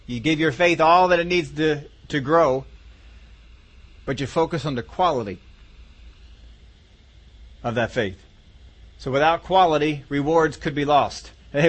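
A man's voice: on the high side, fairly bright tone. A male pastor preaching a sermon in a conversational, folksy way, often asking his congregation questions.

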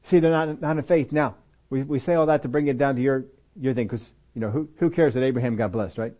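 A male preacher giving a casual, animated sermon, acting out little dialogues and telling stories from his own working life. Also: mid-range voice, quick pace. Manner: animated, acts out dialogue voices. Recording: dull, lo-fi audio recording.

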